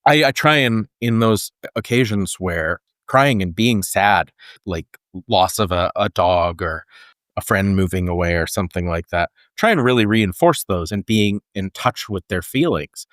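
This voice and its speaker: A man's voice: deep voice, expressive, measured pace, fairly bright tone, dry recording, clean studio sound. A man co-hosting a podcast, talking in earnest and thinking aloud with frequent restarts. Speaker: podcast co-host. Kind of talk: casual conversational podcast.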